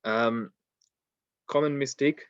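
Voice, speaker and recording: A man's voice: medium pitch, slow pace, clean tone, no room sound. Man teaching pronunciation, dull dry recording. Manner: relaxed explaining with frequent ums, demonstrating sounds. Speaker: Quran recitation teacher. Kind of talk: online tajweed lesson.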